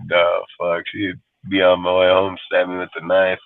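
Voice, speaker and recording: Deep-voiced profane man on a thin line. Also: monotone, normal speed, few pauses, no room sound, narrow, tinny audio. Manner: rambling, cursing, storytelling with acted quotes. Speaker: podcast co-host. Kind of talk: profane casual chat.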